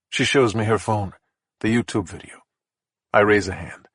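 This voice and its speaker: Brief: male first-person thriller narrator, husky, matter-of-fact, dry studio read. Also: fairly low pitch, steady tone, moderate pace, a bit bright, dry recording.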